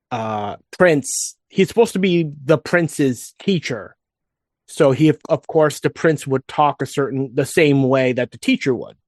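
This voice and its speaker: A man's voice: mid-range voice, darkish tone, no room sound, clean studio sound. A man co-hosting a casual fan podcast, rambling with frequent restarts and asides. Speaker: podcast co-host.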